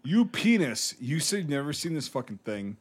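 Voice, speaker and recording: A man co-hosting a casual movie commentary podcast, swearing constantly and loudly teasing his friends. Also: fairly high pitch, big pitch swings, moderate pace, slightly rough. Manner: profane, loud ribbing of friends. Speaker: podcast co-host.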